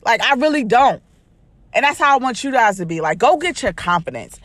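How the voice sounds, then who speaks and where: A woman's voice: fairly high pitch, big pitch swings, brisk, fairly bright tone, no echo. A woman hosting a podcast as a life coach, giving an emphatic, repetitive motivational talk to her listeners. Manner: preachy, emphatic, repetitive, uses "baby".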